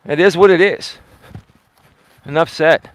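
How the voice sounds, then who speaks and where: A man's voice: on the high side, unhurried. A man hosting a casual live stream, talking straight to his chat, emphatic and defensive and repeating himself for effect. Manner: talks straight to chat, asks pointed questions. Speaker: livestream host.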